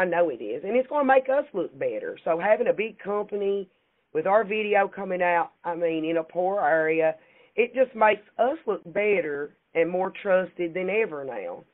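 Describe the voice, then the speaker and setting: A woman with a Kentucky accent, a guest chatting in a folksy, laughing way about her work. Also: lowish voice. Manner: warm, folksy, laughs often. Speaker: insurance agency CEO, guest. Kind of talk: casual interview chat. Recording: tinny phone-like call audio.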